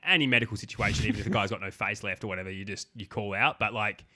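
Racing along in a fairly low, bright and forceful voice, a man co-hosting a podcast talks animatedly about a film in a casual review chat. He swears freely and acts out lines as he goes.

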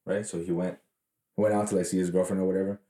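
A man's voice: low-pitched, flat delivery, fast, mellow, roomy sound. A man co-hosting a podcast, telling rambling, profane stories in casual chat, full of fillers. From Mexican heritage. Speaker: podcast co-host.

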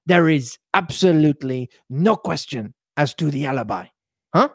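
A man's voice: on the high side, animated, normal speed, vocal fry, slightly rough, dry recording, clean studio sound, full character voice. A man voicing a fussy, pompous older Belgian detective with a theatrical French-tinged delivery, tagging lines with a questioning hmm.

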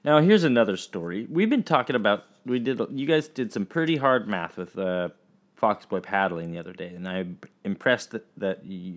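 A man teaching children, telling a story in a chatty, halting way full of fillers. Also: fairly low pitch.

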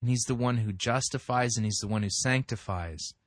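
A man commenting critically on a sermon, explaining scripture in a measured way. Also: mid-range voice, no echo, clean studio sound. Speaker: sermon reviewer.

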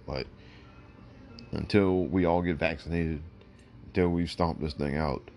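A man's voice: a bass voice, fairly even intonation, unhurried, darkish tone, soft background music. A man hosting his own show, giving blunt, emphatic opinions and often repeating "look" to drive points home, while fighting the hiccups. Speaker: podcast host. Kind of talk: opinionated solo commentary.

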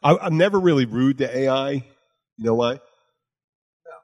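A husky-voiced man hosts a podcast in loose, rambling conversation, cursing freely and playing both sides of the exchanges he retells. His voice sits at an ordinary pitch. The sound carries a long reverb, as if in a large hard room. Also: animated, unhurried, a little mellow. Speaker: podcast host. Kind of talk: casual rambling chat.

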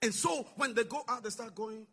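A male preacher delivering a sermon, calling out to the congregation and swinging from shouting to soft, low asides. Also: brisk, vocal fry, husky. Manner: call-and-response, swings from shouting to near-whisper.

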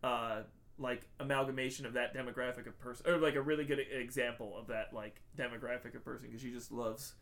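A man's voice: medium pitch, steady tone, fast talker, a bit bright. A man hosting a casual comedic film-review podcast, rambling with lots of fillers and frequent swearing. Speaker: podcast host.

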